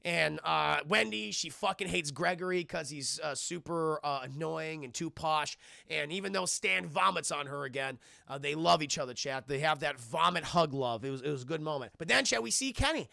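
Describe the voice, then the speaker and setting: A man recaps a film scene by scene for his live chat, swearing freely and calling out to viewers. His voice is high and very gravelly, with a bright edge. The sound is dry and close. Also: moderate pace, no room sound. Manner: keeps addressing his chat, heavy swearing. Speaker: film reviewer and livestreamer. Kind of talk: casual profane spoken film recap.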